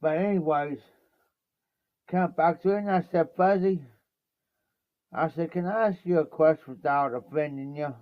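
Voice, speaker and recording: Pausing often at a moderate pace, a livestream host from Ohio rambles through an anecdote, his voice on the high side as he keeps saying "I said" and "he says." The stream audio is dull and lo-fi with no room sound.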